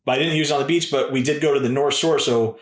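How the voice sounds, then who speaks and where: A man's voice: medium pitch, fast talker, echoey room. A man in his thirties, a podcast guest telling stories in a casual, laid-back way and often calling people "dude" and "man". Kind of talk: casual storytelling.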